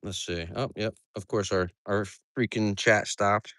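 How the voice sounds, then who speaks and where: A man's voice: fairly low pitch, steady tone, a little slow, fairly bright tone, no room sound, clean studio sound. A man who hosts a farm livestream, chatting casually, joking and swearing while he does chores outdoors. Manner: profane, joking and rambling. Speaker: farmer and livestream host.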